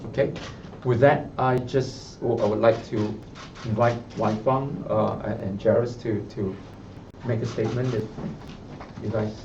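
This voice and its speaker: A man's voice: on the low side, fairly even intonation, measured pace, background noise. A man with a Singaporean accent, speaking as party spokesman at a press conference in a party office, reading out a prepared biography and then adding loose remarks. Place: party office, room with reporters. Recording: muffled sound from a distant mic.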